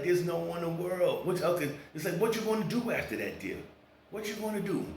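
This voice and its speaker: A man's voice: sits high, fairly bright tone, echoey room, slight background noise, rough recording. A man ranting casually to his viewers, swearing a lot and acting out quoted voices as he tells a story. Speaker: vlogger. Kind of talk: casual rant to camera.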